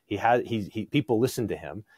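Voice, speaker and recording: A man talking as a podcast guest in a conversational theological discussion, animated, acting out quoted voices with frequent restarts. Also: fairly low pitch, fast talker, breathy edge, no echo.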